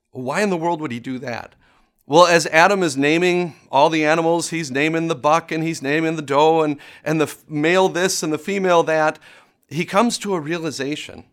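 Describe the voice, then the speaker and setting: A man preaching a conversational sermon, often restarting words and chuckling as he talks. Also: fairly high pitch.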